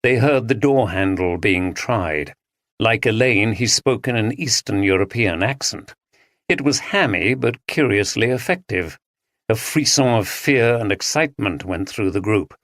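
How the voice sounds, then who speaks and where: Brief: expressive male storyteller, animated delivery, dry studio read. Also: on the low side, a little slow, no room sound. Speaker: audiobook narrator. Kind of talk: scripted narration.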